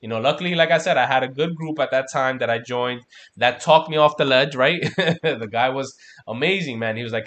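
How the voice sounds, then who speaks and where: A crypto trading stream host with a mid-range, slightly bright voice talks fairly quickly. He hosts a casual trading livestream, going over charts in a loose, profane way and peppering his talk with "man" and "right?".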